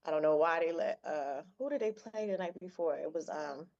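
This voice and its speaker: Woman co-host, lower register, easygoing chatter, dull lo-fi audio. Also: brisk, vocal fry, darkish tone. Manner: easygoing, chatty, sports fan talk. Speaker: radio show co-host. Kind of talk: casual chat.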